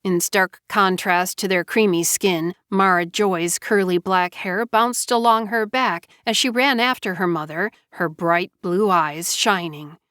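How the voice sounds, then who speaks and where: Woman narrator, audiobook reading, smooth resonant voice, dry close mic, measured pace. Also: fairly low pitch, fairly bright tone, no room sound. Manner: measured storytelling delivery.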